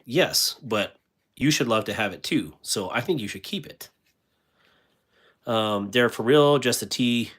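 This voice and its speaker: A livestream host with a mid-range, slightly bright voice reads viewer comments aloud and answers them, rambling casually with many fillers and restarts.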